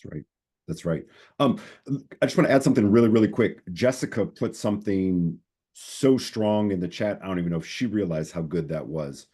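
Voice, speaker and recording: A man with a low, dark and husky voice chimes in during a casual sales training. He jumps in eagerly to add his own tips. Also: animated, brisk.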